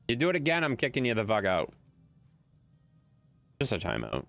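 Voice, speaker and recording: A man's voice: on the low side, huge pitch swings, a little fast, creaky, long pauses, fairly bright tone, no echo. A man from Wisconsin live-streaming a game and chatting bluntly with his viewers, swearing and bickering with them as he plays.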